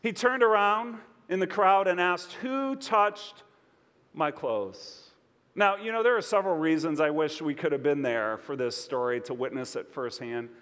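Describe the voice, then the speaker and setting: A man preaching a sermon as pastor, expressive and conversational, asking his listeners questions. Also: fairly high pitch, normal speed, hardly any pauses, clear, resonant tone, in a large hall.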